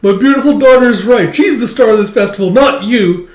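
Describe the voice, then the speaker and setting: A man putting on a shrill boastful rich dad. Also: a little fast. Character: doting loud rich man, adult. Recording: echoey room.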